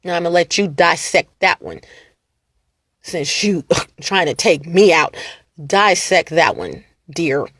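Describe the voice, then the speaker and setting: A woman vlogger talking straight to her viewers in a casual rant, mocking and animated, laughing and repeating lines for emphasis. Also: fairly low pitch, slow, no echo, studio quality. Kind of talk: casual ranting monologue to camera.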